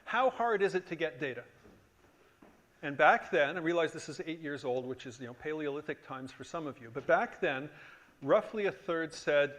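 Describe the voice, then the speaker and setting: Man, conference lecture, emphatic, joking, fairly high voice. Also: lively intonation, moderate pace, a bit bright. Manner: emphatic, joking, asks the room for agreement. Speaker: workshop instructor. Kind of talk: lively conference tutorial lecture.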